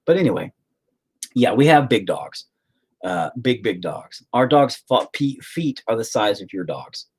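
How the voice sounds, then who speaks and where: A man's voice: medium pitch, big pitch swings, unhurried, husky. A middle-aged man chatting casually on his vlog, rambling, swearing and sarcastic. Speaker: vlogger, band vocalist.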